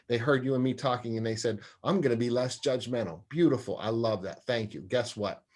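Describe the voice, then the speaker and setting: A man in his forties talks as an interview guest, earnest and expansive. He often laughs at his own shortcomings. His pitch and energy sit in an ordinary middle range. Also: darkish tone. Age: 40s. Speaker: sports psychologist and parenting guest. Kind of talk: conversational interview.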